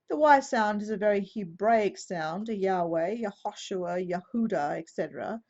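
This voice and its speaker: A woman's voice: medium pitch, darkish tone. A woman with a mid-range voice gives a methodical, explanatory teaching talk as a Bible teacher. She moves point by point and sometimes restarts a phrase to correct herself. The recording is slightly muffled and lo-fi. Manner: measured, methodical explaining with occasional self-corrections.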